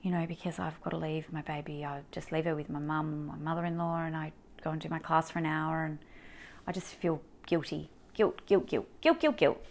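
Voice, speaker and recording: An Australian woman recounts a personal story with raw emotion, stumbling through fillers and restarts. Her voice sits low and carries a gravelly edge of vocal fry. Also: fairly quick. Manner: emotional, animated retelling with many fillers. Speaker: mother sharing a personal story.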